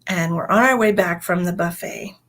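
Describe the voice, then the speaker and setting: A woman's voice: on the low side, normal speed, fairly bright tone. A woman in her forties, a psychic medium, telling a story in a chatty way on a livestream and often saying "you know". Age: 40s.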